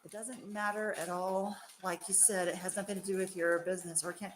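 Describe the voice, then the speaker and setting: A young adult woman who owns a marshmallow shop, hosting a casual live stream while she works, excitable and self-mocking with frequent exclamations and laughs. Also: mid-range voice, a little fast, a little hiss or hum.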